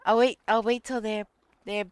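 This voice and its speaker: A woman's voice: a little high, fairly even intonation, moderate pace, smooth, no echo. A woman streaming a video game live, chatting casually, laughing often and exclaiming in disbelief. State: laughing to tears. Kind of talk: casual live-stream chat while playing.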